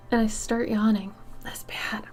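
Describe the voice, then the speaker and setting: Casting note: tired woman art streamer, slow unhurried chat, fairly high voice with lots of vocal fry, frequent half-whispered asides. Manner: drowsy, soft-spoken, drifts into half-whispered asides. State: tired, yawning. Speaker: art livestreamer. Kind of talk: casual chat while drawing on stream.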